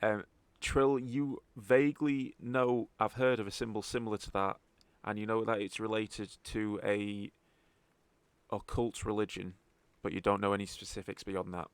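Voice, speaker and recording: A man as game master of a tabletop game, giving relaxed explanations and rulings. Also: fairly low pitch, moderate pace, clean tone, no room sound.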